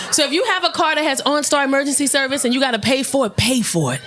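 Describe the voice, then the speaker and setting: A high-pitched woman working a stand-up crowd, telling a long story in a brash, profane way. Her voice sits well above the usual for a woman, and she breaks into loud, high shouting whenever a punchline hits. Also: quick pace, few pauses. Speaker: stand-up comedian. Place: comedy stage with audience.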